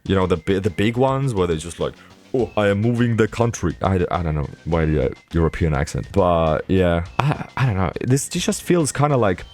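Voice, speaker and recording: A young man vlogging a casual recap, rambling and self-mocking with quick asides. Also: sits low, very animated, darkish tone, soft background music.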